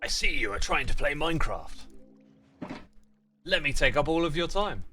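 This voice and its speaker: A man's voice: on the high side, sing-song, moderate pace, over music. A man voicing a greedy male chest monster from a video game that eats up players' time, in a mock-grand, teasing voice.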